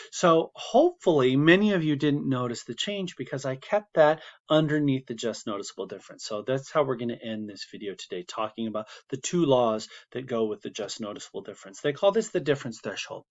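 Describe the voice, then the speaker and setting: Chatty male teacher, muffled recording. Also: mid-range voice. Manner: casual, chatty, with asides and fillers. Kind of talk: classroom video lecture.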